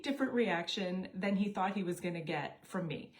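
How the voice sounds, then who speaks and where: A woman's voice: lowish voice, moderate pace. A middle-aged woman telling a personal story casually, acting out bits of dialogue. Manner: animated, acts out dialogue with quoted voices. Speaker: network marketing storyteller.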